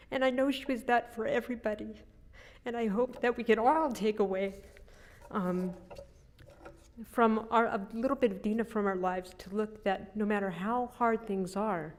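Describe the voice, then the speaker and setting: Brief: middle-aged woman, eulogy for her sister, anecdotal, gentle laughs, mid pitch. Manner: anecdotal storytelling with soft laughs. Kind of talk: funeral eulogy.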